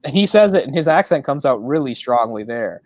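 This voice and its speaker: A man's voice: mid-range voice, expressive, fairly quick, dry recording, poor audio. A man co-hosting a casual film discussion podcast, talking in a rambling way with many fillers. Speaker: podcast co-host.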